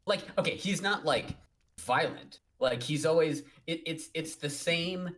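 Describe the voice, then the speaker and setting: A man's voice: fairly high pitch, a little slow, fairly bright tone. A man co-hosting a casual podcast, talking in a sarcastic, blunt and profane way. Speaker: podcast co-host. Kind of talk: casual chat.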